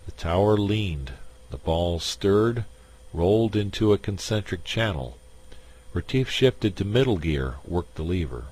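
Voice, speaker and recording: A man reading a science fiction short story aloud in a measured narration. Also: low voice, expressive, darkish tone. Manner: slow, measured.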